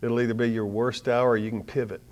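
An older man giving a sermon as storytelling, swinging from hushed lines to loud bursts with dramatic pauses. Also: medium pitch, level tone, muffled recording. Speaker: speaker.

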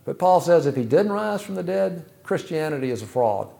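Preacher, male, fairly high-pitched voice, measured delivery with rhetorical questions. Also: sing-song, gravelly, dark tone. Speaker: pastor. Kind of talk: sermon.

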